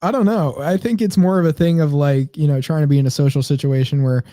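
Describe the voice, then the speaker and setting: Mellow-voiced young man, rambling. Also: on the high side, quick pace, dry recording, studio quality. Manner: rambling storyteller, many fillers. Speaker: podcast co-host. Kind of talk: casual comedy chat.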